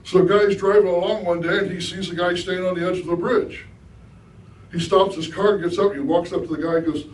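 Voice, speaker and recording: This middle-aged guest speaker has a somewhat high voice and a brisk pace as he delivers an easygoing spiritual talk, regularly turning to the audience with questions. The mic sits far from him, so the hall echoes and a faint room hiss comes through.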